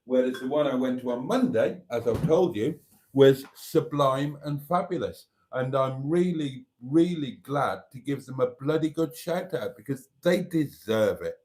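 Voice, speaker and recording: A man's voice: medium pitch, a little slow, a little mellow. A man hosting a casual live stream, chatting and reading viewer comments aloud.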